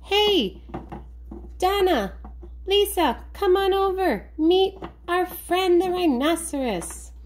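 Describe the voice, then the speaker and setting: A woman voicing an eager, chatty toy duck who calls out in a squeaky, excited way. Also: slow, a little hiss or hum, full character voice.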